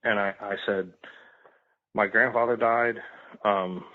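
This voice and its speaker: A man's voice: lowish voice, fairly even intonation, takes it slowly. A man telling a raw personal story on a podcast, repeating himself and swearing freely. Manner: emotional, repetitive, swears freely. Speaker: podcast guest. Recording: tinny phone-like line.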